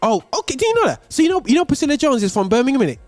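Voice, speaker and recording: A man's voice: very high voice, very fast, no room sound, faint music behind. Chatty male host. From West Midlands, England. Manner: animated, chatty, lots of fillers. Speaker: radio host. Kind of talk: casual chat.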